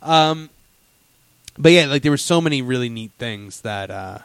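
An excitable man rambles through his theme-park stories, stumbling over restarts and fillers as he goes. His voice sits in a middle range and sounds close and dry, with no room around it. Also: mid-range voice, moderate pace, clean tone, no echo. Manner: enthusiastic storyteller, lots of fillers and restarts. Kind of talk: casual theme-park chat.

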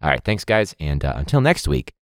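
A man's voice: rumbling low, very animated, fairly quick, dry recording, studio quality. A man hosting a podcast as a teacher, rambling and joking with plenty of swearing in a casual outro.

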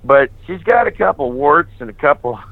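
Animated priest, tinny phone-like sound. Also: male voice, fairly high pitch, moderate pace, no echo. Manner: animated, candid, acts out remembered dialogue. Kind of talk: personal testimony storytelling.

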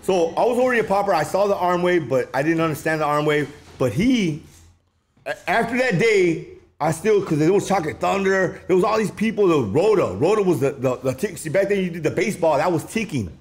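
A man's voice: high voice, a little fast. A man from the Los Angeles area telling a story in casual, slangy speech, acting out the voices of the people in it. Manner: animated, slangy, acts out quoted voices.

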